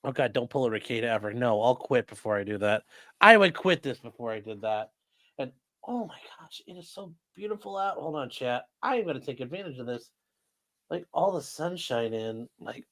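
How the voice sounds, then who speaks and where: A man's voice: mid-range voice, fairly bright tone. A man who is a lawyer chats casually on a livestream, joking and reading viewer comments aloud.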